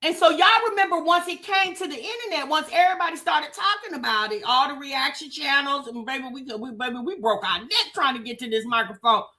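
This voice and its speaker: Lively high-voiced woman hosting gossip talk. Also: a little fast, hardly any pauses. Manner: animated, talks straight to the chat with "baby" and "child". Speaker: commentary show host. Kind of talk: gossip commentary livestream.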